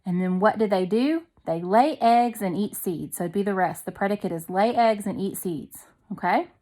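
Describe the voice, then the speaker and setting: Her voice dark in tone and ordinary in pitch, a patient second grade teacher leads young kids through grammar one step at a time. Every example sentence gets a slow reading and a breakdown, punctuated by frequent "okay?" check-ins.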